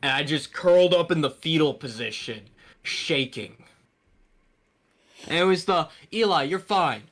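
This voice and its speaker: A young man co-hosting a podcast, telling stories in a lively, casual way. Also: a little high, measured pace. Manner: animated storytelling, acts out quoted voices. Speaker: podcast co-host. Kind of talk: casual chat.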